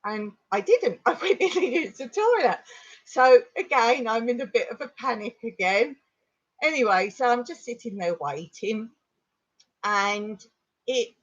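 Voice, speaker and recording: A woman's voice: a little high, slightly rough, highs cut off. English woman telling a story. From England. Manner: rambling, animated retelling with laughs. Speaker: vlogger on a livestream. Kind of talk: storytelling on a livestream.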